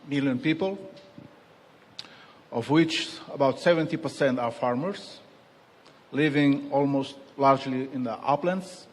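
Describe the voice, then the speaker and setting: Slow, hesitant male moderator. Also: mid-range voice. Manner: hesitant, many fillers. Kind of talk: conference moderation. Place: conference hall. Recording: reverberant hall.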